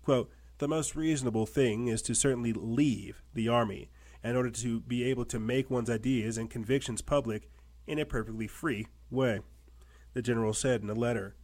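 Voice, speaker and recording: A man's voice: mid-range voice, fairly even intonation, normal speed, a little mellow. A man hosting a political commentary show. He reads news articles aloud and breaks into emphatic remarks full of repetition and rhetorical questions.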